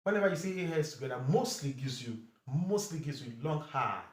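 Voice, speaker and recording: A man's voice: fairly high pitch, expressive. A man teaching English vowel sounds, saying each word over and over with short explanations in between. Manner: repeats words slowly, drilling pronunciation. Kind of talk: phonics lesson. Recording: echoey room.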